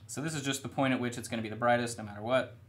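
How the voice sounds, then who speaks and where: A man's voice: mid-range voice, racing. A young man chatting casually and rambling a little while he paints miniatures on a live stream. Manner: relaxed, rambling, self-deprecating. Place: studio room.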